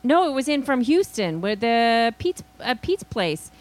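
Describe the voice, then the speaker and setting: A woman's voice: on the high side, very animated. Wry New York woman chiming in. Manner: wry, chiming in with quick remarks. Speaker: radio show co-host. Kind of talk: casual banter. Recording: music playing under the talk.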